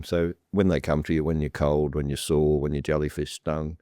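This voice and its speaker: A deep-voiced man speaks plainly, often restarting his sentences as he tells a story. The sound is close and dry, with no room around it. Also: little pitch movement, moderate pace, dark tone, no room sound. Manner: repetitive restarts, blunt and plain-spoken. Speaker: property developer guest. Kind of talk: conversational storytelling on a panel. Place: room with a live audience.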